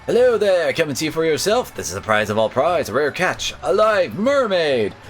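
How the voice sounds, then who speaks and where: A man voicing a loud, theatrical male carnival barker in a game who hawks his exhibit, with faint music behind. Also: a little high, big pitch swings, moderate pace, voice pushed up. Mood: showy. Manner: theatrical, hawking.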